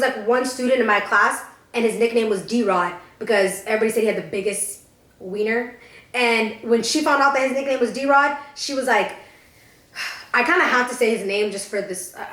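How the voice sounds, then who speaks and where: Swearing freely, a young podcast co-host shares blunt stories in a relaxed chat. Her voice is on the high side and a bit bright, and the room can be heard in the recording.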